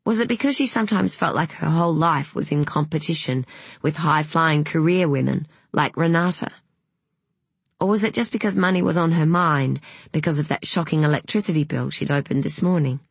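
An audiobook narrator reading a novel in an even, wry storytelling manner. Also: medium pitch, gravelly, breathy edge, no room sound.

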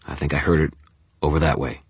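A man's voice: a bass voice, flat delivery, fast talker, breathy edge, no echo, heavily acted. A man voicing a brusque gang leader. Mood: commanding. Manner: clipped, commanding and louder.

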